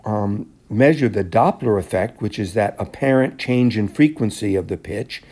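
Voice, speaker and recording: In a classroom lecture, a male teacher explains things methodically, one step at a time, occasionally stopping to clear his throat. His voice is warm, mellow and somewhat low.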